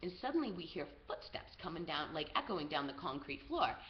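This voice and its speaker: A young woman from the US tells a travel story straight to camera. She talks in an animated way, full of fillers like "like" and "um". The audio is roomy and a little muffled. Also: low voice, fairly quick. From USA. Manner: animated, lots of "like" and "um". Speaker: travel vlogger. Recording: roomy, slightly dull video audio.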